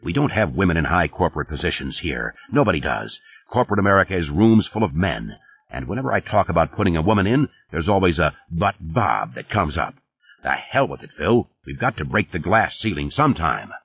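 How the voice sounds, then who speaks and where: A gruff, blunt boss with a deep, husky voice, read by a man. He snaps curt orders, and the dry, dull recording keeps it close and plain in this audiobook. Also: very animated, a little fast, dry recording, exaggerated voice. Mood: irritated. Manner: curt, commanding, coarse. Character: gruff, blunt older male company boss.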